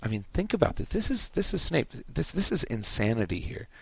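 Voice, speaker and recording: A man hosting a podcast, discussing a book casually with emphatic, halting speech and many restarts. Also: mid-range voice, big pitch swings, gravelly, breathy edge, dry recording. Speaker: podcast host.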